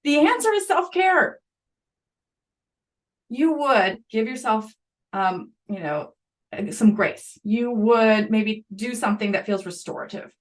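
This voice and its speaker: A middle-aged woman, a school psychologist, talking on a podcast interview in a lively, conversational way with quick asides. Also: fairly high pitch.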